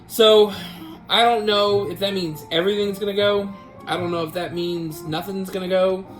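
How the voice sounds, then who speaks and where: A man's voice: sits high, steady tone, normal speed, fairly bright tone, low-quality recording. A man hosting a casual vlog, telling a family story in a rambling way with many restarts. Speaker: vlog host. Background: guitar music.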